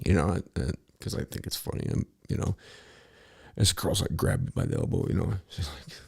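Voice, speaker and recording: A man's voice: low voice, huge pitch swings, a little fast, vocal fry, breathy edge. A middle-aged man telling a rambling, profane story in a casual monologue, full of restarts. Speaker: podcast host.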